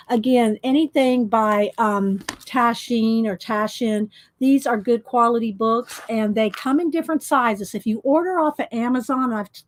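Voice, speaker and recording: A woman's voice: fairly high pitch, dry recording. A woman chatting casually as she shows her art books, rambling with many fillers and restarts. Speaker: art book vlogger. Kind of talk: casual show-and-tell chat.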